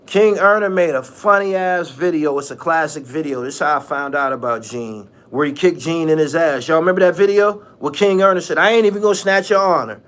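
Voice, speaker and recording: A man's voice: on the high side, fairly quick, hardly any pauses, a bit bright. A man hosting his own channel, ranting casually in a mocking tone, repeating phrases and laughing often. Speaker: channel host. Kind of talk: casual vlog rant.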